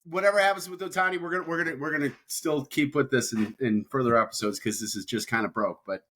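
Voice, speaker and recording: A man's voice: a little high, fast, fairly bright tone, a little hiss or hum. A man co-hosting a podcast in casual chat, rambling and repeating words as he talks. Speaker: podcast co-host.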